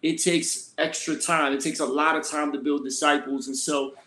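A middle-aged man from Philadelphia, a senior pastor and guest, telling his story in a relaxed, colloquial way. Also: on the high side, moderate pace. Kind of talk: casual conversational storytelling. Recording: roomy echoey sound.

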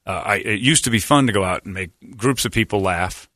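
A man's voice: fairly low pitch, animated, a little fast, bright, forceful tone, no room sound, studio quality. A middle-aged man hosting a radio show, talking in a blunt, sarcastic, rambling way. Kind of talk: casual talk radio banter.

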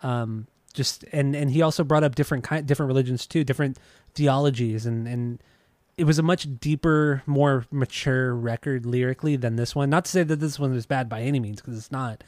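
Relaxed, teasing podcast co-host man. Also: mid-range voice, brisk, hardly any pauses, no room sound. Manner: relaxed, teasing, hesitant fillers. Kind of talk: casual music podcast chat.

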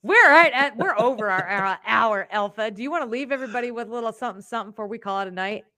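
A young adult woman on a casual live stream, talking in a slightly high voice. She laughs often, restarts her thoughts mid-sentence and keeps the chat lively as the host. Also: fast. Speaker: podcast host.

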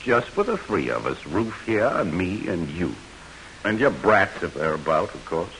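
Villain, radio play, sneering, mock-courtly, very deep voice, bright edge. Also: male voice, very animated, moderate pace, slight background noise, full character voice, low-quality recording. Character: mocking villainous raider leader, man, pompous and cruel. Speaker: radio drama actor. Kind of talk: 1940s radio acting.

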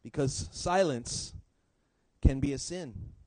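A man preaching a sermon in church, swinging between loud emphasis and quiet low drops. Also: takes it slowly, dry recording, low-quality recording.

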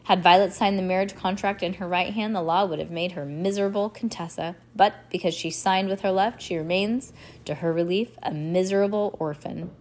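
A woman's voice: fairly low pitch, steady tone, a little fast. Woman reading a novel aloud. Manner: plain reading with frequent restarts. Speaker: reader.

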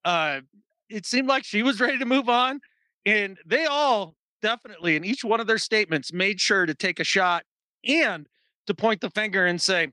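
A man hosting a casual sports talk show, animated and acting out quotes in mock voices. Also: high-pitched, moderate pace, no echo. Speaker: sports podcast host.

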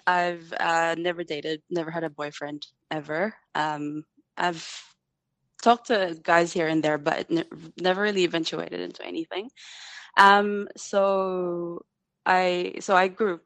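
A woman's voice: lowish voice, fairly bright tone, no echo. Hesitant New Zealand woman in her twenties. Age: 20s. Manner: hesitant, many ums, nervous laughs. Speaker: caller. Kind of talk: phone-in call to a podcast.

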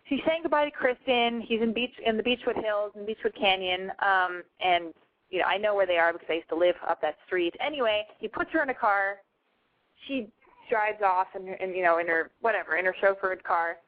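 A woman hosting a call-in show, blunt, profane and excitable in casual chat. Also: mid-range voice, brisk. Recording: tinny phone-like sound.

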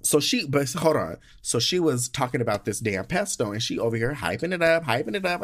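A young American man recapping his trip in a casual monologue, sassy and animated, swearing often and gushing with drawn-out words. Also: medium pitch. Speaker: podcast host.

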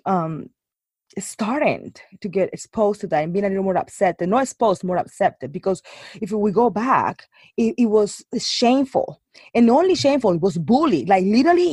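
A woman's voice: medium pitch, slightly rough, no room sound. Chatty woman with dry close sound. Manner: animated storytelling, many fillers and restarts. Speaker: guest. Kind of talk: casual chat.

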